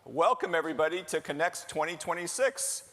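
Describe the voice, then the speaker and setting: Middle-aged guy on stage, kinda high voice, jokes with the crowd, big hall echo. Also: expressive, fairly quick, heavy background noise. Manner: jokey, chatty, works the crowd with questions. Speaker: executive director giving opening remarks. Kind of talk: live conference welcome speech. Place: large hall with live audience. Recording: long hall reverb.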